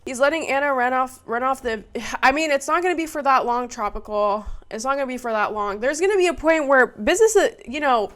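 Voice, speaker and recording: A woman's voice: high-pitched, expressive, a little fast, few pauses, fairly bright tone. A young woman streamer giving fired-up, profane commentary. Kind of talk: heated commentary.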